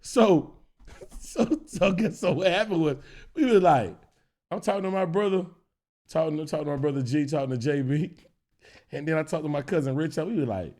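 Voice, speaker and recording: Loud, profane man telling stories. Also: on the high side, sing-song, normal speed. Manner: loud, profane, laughing, acts out characters. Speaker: streamer. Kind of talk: animated storytelling.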